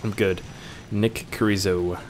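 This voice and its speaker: A man's voice: lowish voice, steady tone, measured pace, slight background noise. A young man reading viewer questions aloud and answering them in a casual, joking way, swearing now and then.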